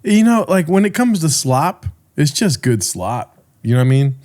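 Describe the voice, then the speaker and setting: A man co-hosting a podcast in casual chat, joking and making quick analogies. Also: a little high, big pitch swings, darkish tone. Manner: joking, bursts into silly sung bits. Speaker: podcast co-host.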